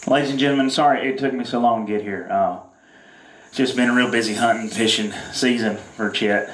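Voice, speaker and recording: A man's voice: on the low side, steady tone, moderate pace. A man from Louisiana, holding a comedic mock press conference in a rambling, drawling way full of fillers. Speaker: self-proclaimed outdoorsman at a mock press conference. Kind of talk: deadpan comedic monologue. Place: barn. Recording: echoey room.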